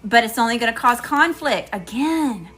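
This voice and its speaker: Bright-voiced Southern woman reading tarot. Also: fairly high pitch, expressive, moderate pace. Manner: emphatic, talks straight to viewers. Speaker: tarot reader.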